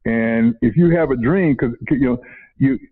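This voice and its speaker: With a husky, medium-pitched voice at normal speed, an older former educator wanders through casual interview stories. He repeats words and chuckles often, and the audio is narrow and phone-like.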